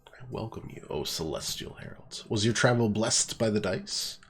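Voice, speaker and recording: A man's voice: lowish voice, expressive, normal speed, gravelly, fairly bright tone, soft background music. A man with a stuffy nose voicing a grandiose mystic who greets travelers in pompous, archaic phrasing. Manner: pompous, archaic ceremonial delivery.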